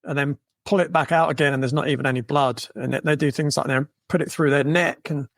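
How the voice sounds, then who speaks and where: Slightly high-voiced male podcast host. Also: quick pace, dry recording. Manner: relaxed, affirming with frequent yeahs and mms. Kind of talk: podcast conversation.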